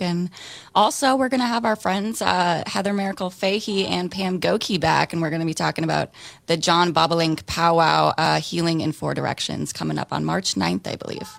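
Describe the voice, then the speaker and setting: A woman's voice: on the low side, fairly even intonation, fairly quick, creaky, dry recording. A woman co-hosting a community radio show, announcing local events in a friendly, upbeat way. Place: radio studio. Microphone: studio mic.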